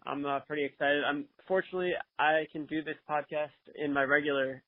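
A man's voice: fairly high pitch, steady tone, brisk, no room sound. A man with a nasal voice, co-hosting a casual podcast and joking often from a hotel room. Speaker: podcast co-host. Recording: tinny phone line.

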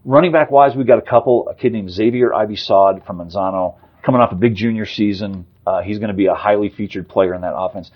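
Fifties guy sportswriter rattling off names quick, low husky voice, lots of uhs, kinda dull lo-fi sound. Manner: rapid off-the-cuff talk with frequent fillers and restarts. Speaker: sportswriter guest. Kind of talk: casual sports interview.

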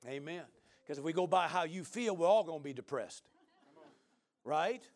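A middle-aged male pastor preaching a sermon, moving from quiet talk into shouted praise. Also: on the high side, expressive, moderate pace.

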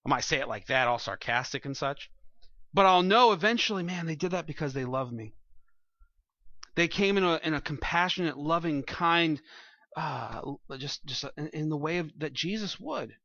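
A man's voice: fairly high pitch, animated, normal speed, bright, forceful tone, no echo, lo-fi sound. A man preaching a sermon as pastor, earnest and plain-spoken, often restarting his phrases.

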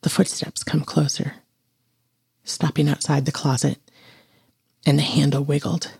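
Husky, gravelly storyteller. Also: male voice, on the high side, little pitch movement, unhurried, a little mellow. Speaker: narrator. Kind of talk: second-person horror story narration.

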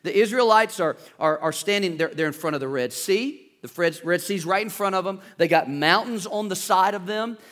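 Male pastor preaching, high voice, dramatic and animated delivery. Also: moderate pace, few pauses. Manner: preaching with dramatic shifts, acting out panicked voices. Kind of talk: sermon.

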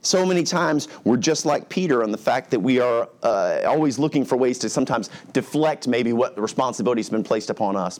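A man's voice: medium pitch, lively intonation, fairly quick, hardly any pauses, a little mellow. A middle-aged man preaching a verse-by-verse sermon as pastor, talking in a casual, conversational way and briefly acting out the voices of the people he describes. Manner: conversational, acts out characters' lines. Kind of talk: expository sermon.

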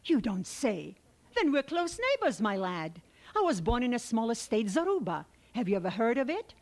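A woman's voice: fairly high pitch, sing-song, normal speed, pitched above the performer's own voice. A woman reading as a kindly middle-aged army doctor. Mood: friendly. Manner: warm, paternal.

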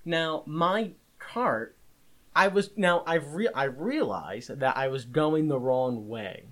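A man co-hosting a casual podcast, telling a story in an animated, exasperated way. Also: fairly high pitch, slow. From Italian-American. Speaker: podcast co-host. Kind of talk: casual chat.

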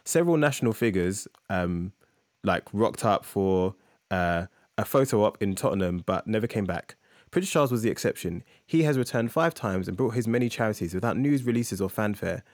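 A man's voice: lowish voice, expressive, normal speed, darkish tone, dry recording, clean studio sound. A man co-hosting a podcast, reading an essay aloud with chatty asides and fillers. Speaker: podcast co-host.

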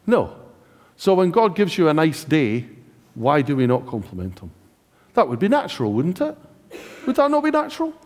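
Lively high-voiced British preacher. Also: male voice, moderate pace, pauses often. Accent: British English. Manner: chatty, jokey, asks the congregation questions. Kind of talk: sermon. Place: church hall. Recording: church hall reverb.

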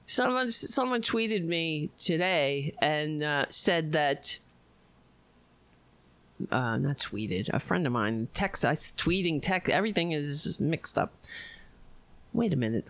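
A woman hosts a live stream of casual political commentary, animated, sarcastic and swearing heavily. Her voice is fairly low with vocal fry, and there's no echo.

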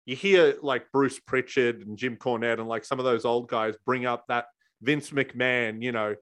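A man co-hosting a wrestling podcast, chatty and quick to laugh while recapping. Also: mid-range voice, steady tone, fairly bright tone. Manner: chatty, laughs often, acts out quotes. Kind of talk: casual review chat.

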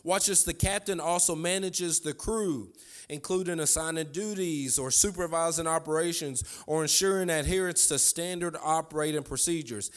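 A man's voice: a little high, moderate pace. A preacher delivering a sermon who repeats lines for emphasis and chuckles his way through a family story.

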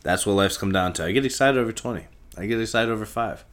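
A young man hosting a solo podcast, rambling and swearing casually, talking in circles and breaking into loud shouts. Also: on the low side, quick pace. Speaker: podcast host.

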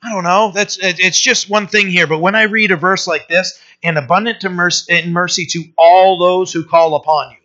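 High bright-voiced pastor, lo-fi recording. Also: male voice, steady tone, normal speed, hardly any pauses. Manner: conversational, rambling, frequent "right?" asides and restarts. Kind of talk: informal Bible-study sermon. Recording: dull lo-fi recording.

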